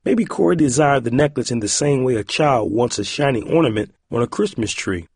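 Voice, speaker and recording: A man reading a young-adult novel aloud with expressive narration. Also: medium pitch, brisk, creaky, breathy edge, no room sound, studio quality. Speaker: audiobook narrator. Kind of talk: scripted narration.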